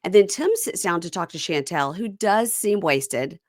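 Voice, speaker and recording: A woman's voice: fairly low pitch, lively intonation, normal speed, no echo, clean studio sound. A woman hosting a casual podcast chat, recapping reality TV and mimicking the people she quotes. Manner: chatty recapper, mimics cast members in quotes.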